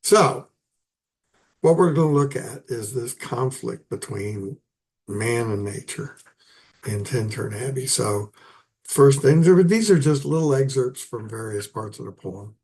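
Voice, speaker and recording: Slow, gravelly-voiced man lecturing. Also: mid-range voice, darkish tone. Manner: halting, many ums and restarts. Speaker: poetry teacher. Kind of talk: unscripted lecture.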